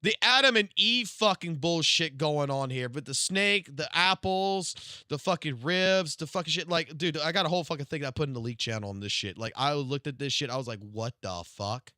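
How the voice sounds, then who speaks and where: A male game streamer ranting live, his speech packed with profanity and swinging from low grumbles to loud, drawn-out exclamations. His voice sits a little high and sounds bright and forceful. The sound is dry and close, with no room around it. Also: dry recording. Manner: profane, excitable, swings from mutters to loud outbursts. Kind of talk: live stream reaction rant.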